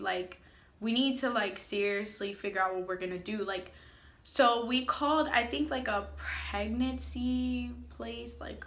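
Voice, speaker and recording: Bright-voiced young woman telling a story. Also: medium pitch, echoey room. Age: young adult. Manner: chatty, filler-heavy, lots of "like". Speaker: family vlogger. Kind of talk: casual storytime vlog.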